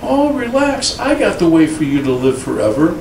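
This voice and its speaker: A man voicing a smooth-talking male messenger from space, coaxing in a high, breezy tone. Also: big pitch swings, normal speed, darkish tone, a little hiss or hum. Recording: roomy church sound from a distant mic.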